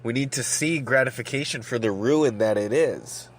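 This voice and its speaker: A man in the middle of a long solo rant on his podcast, cursing freely and circling back over his own words. He doubles up words as he searches for the next thought. His voice sits at an ordinary middle pitch while he smokes and sips coffee. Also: moderate pace, a little hiss or hum. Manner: rambling, profane, repeats words while thinking; smoking and drinking coffee while talking. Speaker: podcast host.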